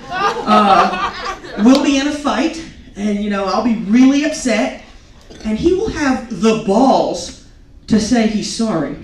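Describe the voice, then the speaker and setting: Animated woman doing stand-up in a club. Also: on the high side. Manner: animated, self-mocking storytelling with acted quotes. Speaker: stand-up comic. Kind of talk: stand-up comedy set. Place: comedy club stage. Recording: echoey club recording from a distance, crowd noise. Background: audience laughing.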